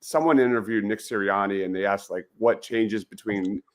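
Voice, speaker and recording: A man's voice: fairly low pitch, normal speed. A man hosting a casual sports podcast, hesitant at first and then emphatic in his opinions. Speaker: podcast host.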